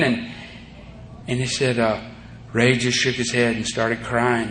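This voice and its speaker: This man's medium-pitched voice is level, unhurried, and fairly bright as he tells his story at a recovery meeting, rambling and dropping in many "you know"s. The audience talk comes from echoey room tape carrying a faint hiss.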